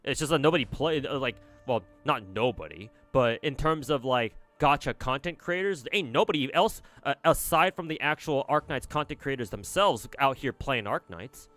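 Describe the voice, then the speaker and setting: Young male gaming streamer, rambling and cussing, mid-pitch, faint music behind. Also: animated, moderate pace, few pauses, a bit bright. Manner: rambling, profane, answers chat messages. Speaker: gacha game streamer. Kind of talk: casual livestream chat.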